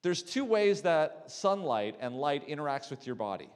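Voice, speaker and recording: A man's voice: fairly high pitch, very animated, normal speed, clear, resonant tone. A middle-aged man, a sleep specialist, lecturing a church audience in a conversational way and asking the room questions. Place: lecture hall. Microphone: handheld mic, swapped mid-talk. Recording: long hall reverb.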